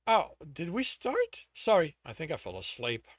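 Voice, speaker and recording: A man's voice: a little high, wildly swooping pitch, normal speed, no echo. A man voicing a brash, battered young male mercenary with a cocky, taunting manner.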